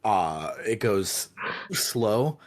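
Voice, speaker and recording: A man co-hosting a podcast in a casual film discussion, relaxed and sharing trivia. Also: on the low side, drawn-out words. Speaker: podcast co-host.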